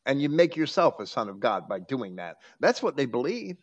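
A man's voice: medium pitch, big pitch swings, moderate pace, highs cut off. Guy preaching bible stuff, voice swings up and down a lot, emphatic. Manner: preachy, quotes scripture with emphasis. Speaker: host. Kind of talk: religious teaching talk.

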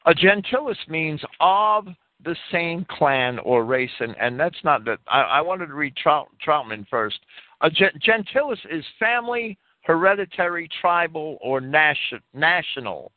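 This host's voice is fairly high with big pitch swings, a little slow, and free of echo. Broadcasting live talk radio from a private home over tinny phone-line audio, he earnestly reads definitions and expounds on their meaning.

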